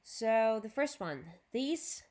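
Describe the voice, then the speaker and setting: A woman with a Ukrainian accent teaching an English lesson on video, drilling new words slowly and clearly and adding Russian explanations. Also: a little high, big pitch swings, a little mellow.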